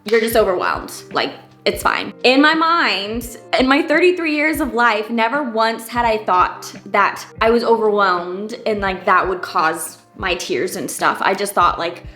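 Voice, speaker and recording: A woman's voice: mid-range voice, measured pace, few pauses, sharp tone, soft background music. Chatty woman in her thirties vlogging. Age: 30s. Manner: chatty and candid, many fillers and asides. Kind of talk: casual personal story vlog.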